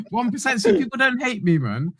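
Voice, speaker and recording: Lively man making his point on a call. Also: very high-pitched, vocal fry, breathy edge, no echo, clean studio sound. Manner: restarts his point often, laughs it off. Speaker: panelist on a fan show. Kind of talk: casual chat.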